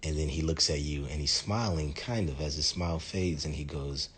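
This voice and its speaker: A man with a very deep, husky voice talks through a casual vlog monologue. He tells a story in an animated, dramatic way and swears freely. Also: a little fast. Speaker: vlogger.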